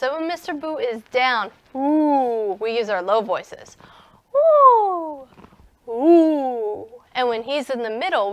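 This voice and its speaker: A young woman teaching a recorded music lesson to young children, gentle and encouraging. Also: on the high side. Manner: gentle and encouraging, speaks slowly to young children, sings and whispers in parts.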